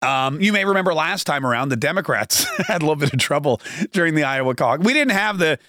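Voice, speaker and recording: A chatty man hosting a political talk show in a fairly high voice. He jokes and rambles, often correcting himself mid-sentence. The sound is close and dry, with no room echo. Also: expressive, quick pace, bright, forceful tone. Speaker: conservative talk show host. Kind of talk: casual podcast monologue.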